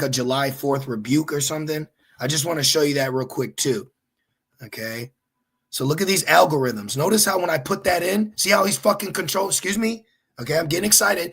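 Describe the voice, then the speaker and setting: A man teaching his listeners informally while searching online, animated and exhorting, repeatedly checking with "okay?". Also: fairly high pitch, gravelly, slightly rough. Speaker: religious teacher.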